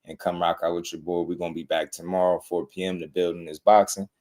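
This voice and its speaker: A man's voice: low voice, flat delivery, quick pace, a little mellow. A man hosting a live boxing talk stream, ranting in a rambling, heated way with many repeated words. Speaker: boxing talk show host. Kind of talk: casual livestream commentary.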